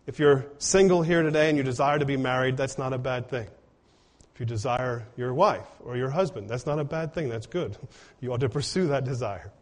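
A man preaching a sermon in an earnest way, often putting rhetorical questions to his congregation. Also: medium pitch. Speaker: pastor.

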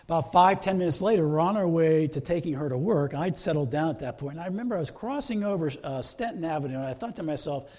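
A middle-aged male pastor delivers a sermon in an earnest, list-building cadence. His voice sits a bit high for a man, with a mellow, dark tone and a husky edge. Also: lively intonation, fast, hardly any pauses. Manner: earnest, repeats phrases in preaching lists.

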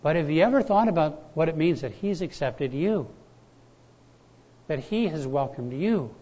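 Man, pastor, sermon, conversational storytelling, somewhat high voice, lo-fi dull recording. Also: expressive, moderate pace, mellow. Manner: conversational, storytelling preacher with repetitions. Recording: dull, lo-fi sound.

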